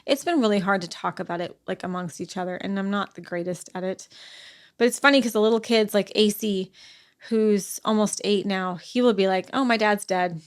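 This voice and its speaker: A middle-aged woman, a podcast guest, talking through a personal story in a halting way, full of fillers and restarts. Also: mid-range voice, clear, resonant tone. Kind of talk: conversational interview.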